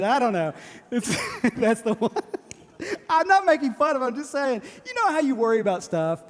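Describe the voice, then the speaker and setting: A man's voice: very high voice, sing-song, moderate pace. A man, preaching a sermon in a joking, self-deprecating way and laughing often. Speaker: pastor. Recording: long hall reverb.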